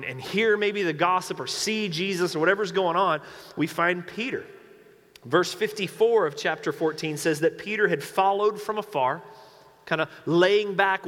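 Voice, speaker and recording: A man preaching a sermon to a congregation, animated and emphatic, with joking asides. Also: sits high. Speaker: pastor. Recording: long hall reverb.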